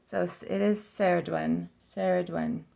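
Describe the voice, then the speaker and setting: A woman with a low, heavily gravelly voice hosts a casual flip-through vlog. She talks at an unhurried, slow pace and sounds out each name aloud, correcting herself as she goes, with musing, giggly asides. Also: animated. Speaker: oracle deck reviewer.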